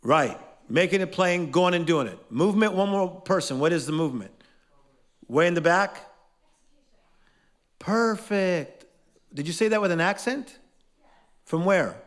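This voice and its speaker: High-voiced man leading a lively class. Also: measured pace, long pauses. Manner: energetic, playful, quizzes the audience. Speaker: motivational teacher. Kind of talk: live motivational class with call-and-response. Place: class in front of a live audience.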